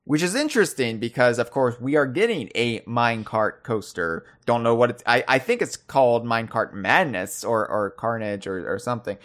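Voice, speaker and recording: A man co-hosting a podcast in casual chat, animated and thinking aloud, often restarting and repeating words. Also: moderate pace, hardly any pauses. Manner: animated, puts on a loud booming trivia voice. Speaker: podcast co-host.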